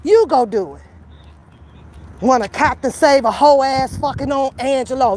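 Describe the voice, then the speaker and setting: High-voiced woman ranting, profane and blunt. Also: a little hiss or hum. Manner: profane, confrontational, taunting; slows into calmer lecturing. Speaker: YouTube commentator. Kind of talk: angry call-out rant to camera.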